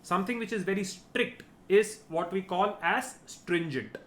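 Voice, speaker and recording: A man's voice: high-pitched, a little slow, fairly bright tone. A man giving a vocabulary lesson, explaining each word and checking in with "right?". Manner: explanatory, repeats key words, ends points with "right?". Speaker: teacher.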